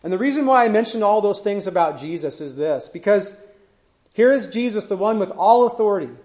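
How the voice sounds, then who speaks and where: A man preaching a sermon, retelling scripture stories earnestly and letting his voice fall to a hush at the ends of phrases. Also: high voice, animated, fairly quick.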